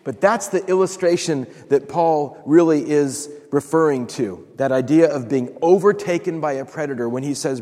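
Brief: animated male preacher, slightly high voice, sermon in a big echoing hall. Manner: storytelling with dramatic pauses and laughs. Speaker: pastor. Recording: long reverb of a large hall.

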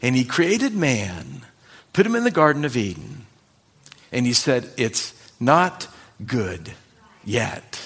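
A middle-aged man, a pastor, preaching a Bible study sermon with expressive, drawn-out emphasis on key words. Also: mid-range voice, creaky, slightly rough.

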